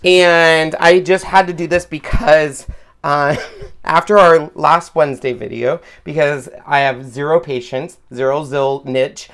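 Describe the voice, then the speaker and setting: Unhurried and steady in tone, this woman's low voice carries a casual craft demo chat. As the channel's host, she's chatty and self-deprecating, laughing often while she works.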